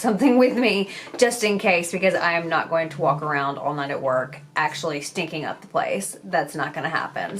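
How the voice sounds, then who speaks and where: Chatty woman, low voice, casual swearing. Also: fairly bright tone, slight background noise. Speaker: beauty vlogger. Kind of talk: casual chat while doing makeup.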